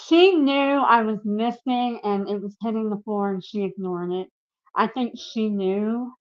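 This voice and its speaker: A woman's voice: medium pitch, moderate pace, highs cut off. A woman guest giving personal testimony in an interview, earnest and emphatic, speaking straight to the viewers.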